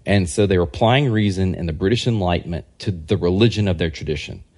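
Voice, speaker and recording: A man with a somewhat low voice talks in a relaxed, unscripted way as a podcast guest. He rambles through long anecdotes, restarting sentences and briefly acting out what other people said. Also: fast. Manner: rambling, animated anecdotes that act out quoted people. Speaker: guest historian and religious scholar. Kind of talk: casual podcast interview storytelling.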